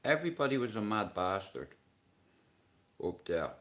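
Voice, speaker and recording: A middle-aged Dublin man chats casually on his livestream, his voice on the low side and sing-song at a normal speed. He swears freely, banters with viewers, and shouts at commenters.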